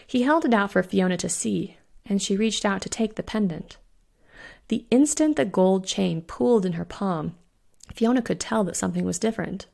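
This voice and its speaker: A woman who hosts a podcast, narrating her own spooky short story in a measured, suspenseful way. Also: medium pitch, gravelly, a little mellow. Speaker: podcast host and author reading her story. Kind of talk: audiobook narration.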